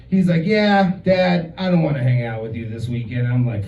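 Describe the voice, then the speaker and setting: Male stand-up comic, 30s, mellow voice, roomy distant muffled club sound; swears a lot, rambling storyteller. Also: high-pitched, fairly quick, hardly any pauses. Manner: profane, conversational, many filler words. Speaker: stand-up comedian. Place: comedy club stage.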